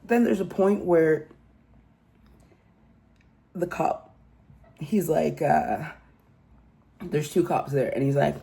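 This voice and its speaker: Gravelly woman recapping true crime. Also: sits low, slow, long pauses, warm tone. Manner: emphatic, incredulous storytelling with frequent "okay?". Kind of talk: casual true crime commentary.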